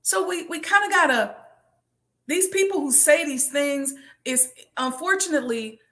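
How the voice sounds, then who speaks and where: A woman's voice: high voice, normal speed, bright, forceful tone. A woman hosting a business question show, talking in an impassioned, preachy monologue and repeating phrases for emphasis.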